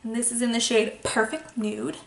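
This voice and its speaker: A woman's voice: a little high, normal speed, creaky. A young woman talking casually through her makeup routine as a beauty vlogger, playful and self-mocking in her asides. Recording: echoey room.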